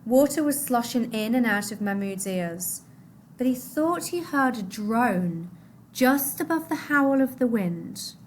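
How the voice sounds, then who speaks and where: A woman reading a novel aloud to a class, expressive, her voice dropping low and soft at the sad moments. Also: unhurried, a little hiss or hum.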